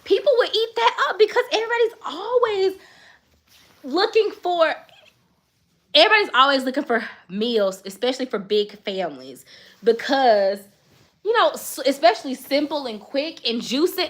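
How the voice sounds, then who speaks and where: A woman's voice: high-pitched, animated, moderate pace. A woman in her thirties chatting casually while folding laundry, encouraging her viewers, often laughing and openly emotional. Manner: warmly emotional, faith-minded. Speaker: lifestyle content creator and mom.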